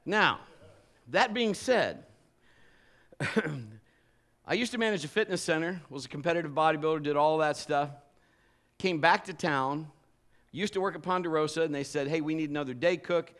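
A man's voice: a little high, normal speed, pauses often. A male pastor preaching a sermon and telling stories with humor and energy. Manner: animated, humorous storytelling.

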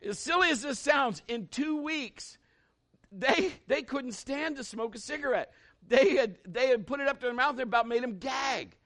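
Male pastor, high voice, folksy storytelling sermon, emphatic on scripture. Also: normal speed, a bit bright. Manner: folksy, conversational preaching with acted-out stories.

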